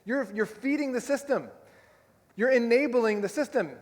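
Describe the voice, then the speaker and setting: An indignant man in the crowd, voiced by a preacher rattles off exasperated, accusing questions in a voice lifted high above his own. The sound carries the long, ringing reverb of a large church hall. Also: normal speed.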